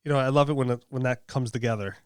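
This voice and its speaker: A man with a smooth, clean voice hosts a relaxed chat in a dry studio sound. He rambles warmly, circling back with fillers as he encourages his guest. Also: mid-range voice, very fast, dry recording. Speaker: podcast host. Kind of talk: casual chat.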